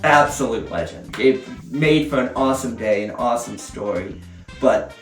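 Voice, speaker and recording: A man's voice: mid-range voice, moderate pace, a bit bright, soft background music. Rambling man reviewing whiskey. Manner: rambling storyteller, lots of fillers. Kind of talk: casual review monologue. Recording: roomy, mic at a distance.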